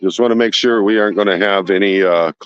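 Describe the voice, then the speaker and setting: A man's voice: low voice, steady tone, fast talker, clean tone, no room sound, muffled recording. A man live-streaming outdoors at night from a handheld phone, sweating as he reads chat and fires off indignant rhetorical questions.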